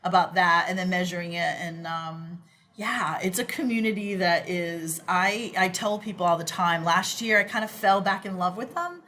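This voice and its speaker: A woman's voice: fairly low pitch, normal speed, bright, forceful tone. A woman with a Boston accent, a guest in a casual podcast interview, talking enthusiastically with many fillers and restarts.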